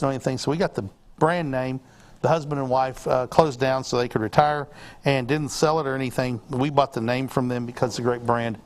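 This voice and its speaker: A man hosting an outdoor gear show, chatting casually about binoculars and correcting himself as he goes. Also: medium pitch. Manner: rambling, self-correcting, teasing. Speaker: show host. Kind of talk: casual on-air product chat.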